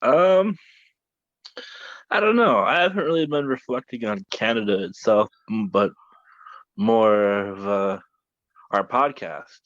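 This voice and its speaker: A man co-hosting a podcast in casual chat, halting with ums and a dry, hesitant manner. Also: fairly low pitch, fairly bright tone, dry recording. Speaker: podcast co-host. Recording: slightly dull, dry recording.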